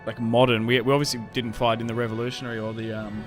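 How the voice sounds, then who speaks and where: A man's voice: mid-range voice, flat delivery, fast talker. An easygoing young Australian man who chats to his viewers in a loose, rambling way, full of "um"s and restarts. His voice sits in an ordinary middle range for a man, and faint music plays under him. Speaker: streamer. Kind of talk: casual livestream chat while playing a strategy game.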